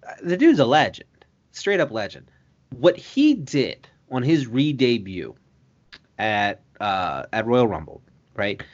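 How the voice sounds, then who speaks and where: A man co-hosting a casual wrestling chat, laid-back, mostly short agreeing replies, warming into enthusiastic runs. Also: medium pitch, big pitch swings, takes it slowly, highs cut off. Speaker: co-host.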